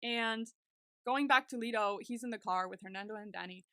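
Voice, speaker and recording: A young woman co-hosting a podcast, talking in casual chat, animated and swearing freely. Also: a little high, clean tone, no echo, studio quality. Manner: animated, swears freely, quick bursts of anger. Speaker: podcast co-host.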